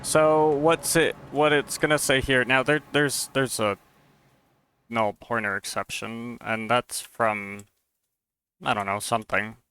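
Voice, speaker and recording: Bright-voiced man thinking aloud on stream. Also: medium pitch, steady tone, takes it slowly, smooth. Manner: thinks aloud, musing and unsure as he debugs. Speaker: mod developer and streamer. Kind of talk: casual live-stream commentary while testing a game mod.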